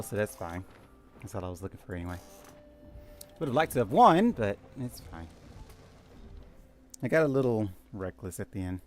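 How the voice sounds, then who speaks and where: Man doing laid-back game commentary, muses aloud, animated pitch. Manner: low-key, musing to himself. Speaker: gamer.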